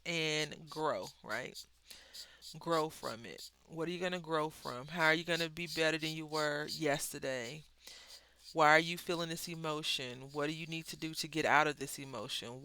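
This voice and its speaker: A bright, forceful voice with a smooth, crisp tone talks casually while coloring. The host rambles from thought to thought, stops to correct themselves, and gently encourages anyone going through a hard time. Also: mid-range voice.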